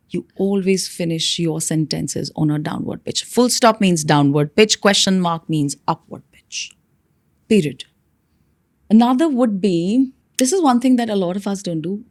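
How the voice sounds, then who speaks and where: A young adult woman, a communication coach answering interview questions in an instructive way and often changing her pitch to demonstrate examples. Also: expressive, normal speed, a little mellow, dry recording, studio quality.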